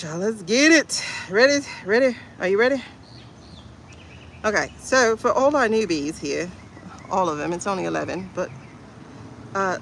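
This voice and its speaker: A woman's voice: on the low side, creaky, slight background noise. A woman hosting a casual livestream, chatting in a rambling, playful way with lots of asides. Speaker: livestream host.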